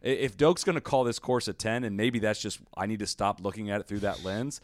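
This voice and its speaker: A man's voice: fairly low pitch, dry recording, studio quality. A man co-hosting a golf podcast, giving strong opinions in casual chat with lots of fillers. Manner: opinionated, talks in quick bursts with many fillers. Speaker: podcast co-host.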